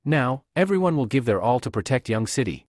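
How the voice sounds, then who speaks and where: A man's voice: medium pitch, sing-song, fairly quick, darkish tone, no echo. Male narrator as young city lord, commanding, dry close-miked sound. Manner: commanding, reassuring.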